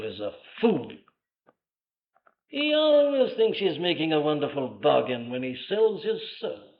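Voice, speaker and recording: An older man preaching a sermon with emphatic rhetorical questions and dramatic swells of voice. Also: fairly high pitch. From Wales. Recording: dull lo-fi archive sermon recording.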